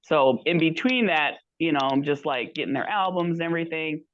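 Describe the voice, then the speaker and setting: A woman appearing as a podcast guest tells a rambling story in relaxed chat, performing the quoted dialogue of other people. Her voice is low-pitched and expressive, a little fast, in a muffled recording.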